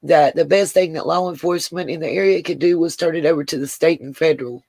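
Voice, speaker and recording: A woman's voice: sits low, steady tone, quick pace, creaky, a little mellow, husky, dry recording. A woman hosting a casual livestream, talking to viewers by name and getting emotional. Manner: talks to chat viewers by name, Southern "y'all". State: emotional, close to tears. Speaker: livestream host.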